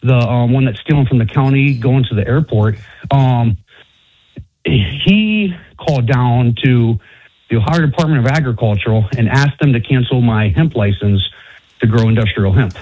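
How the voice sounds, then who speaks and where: A man as a guest on a talk show, telling his story casually and haltingly. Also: mid-range voice, breathy edge, no room sound. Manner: halting, many fillers and restarts. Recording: tinny, dry phone-like sound.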